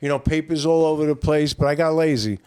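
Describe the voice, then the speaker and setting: A man's voice: fairly high pitch, fairly even intonation, fast talker, a little mellow, clear, resonant tone, dry recording, studio quality. An older man, a comedian telling long stories on a podcast in a loose, rambling, profane way. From New York. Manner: rambling, profane, acts out quoted voices. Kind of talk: casual storytelling chat.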